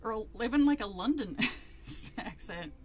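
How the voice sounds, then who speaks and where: A woman's voice: medium pitch, animated, measured pace, a little hiss or hum. A woman streamer reading a horror book aloud, chatting casually, swearing and mocking herself. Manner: laughing, swearing, self-mocking.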